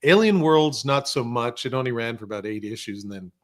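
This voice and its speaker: A man in a podcast studio telling animated, humorous stories as a guest, sometimes slipping into voices for quotes. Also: medium pitch, a little fast. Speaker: podcast guest, former researcher and filmmaker. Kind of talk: casual storytelling chat.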